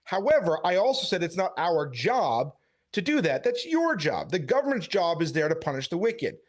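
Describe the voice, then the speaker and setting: A man who is a street preacher, retelling a conversation in a casual, animated storytelling way. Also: sits high, moderate pace. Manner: animated storytelling, quoting others.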